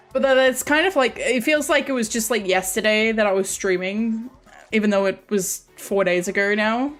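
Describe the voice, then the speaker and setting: A woman's voice: fairly high pitch, fairly bright tone. Woman, light Australian accent, streamer, casual rambling chat, restarts and self-corrections, faint background music.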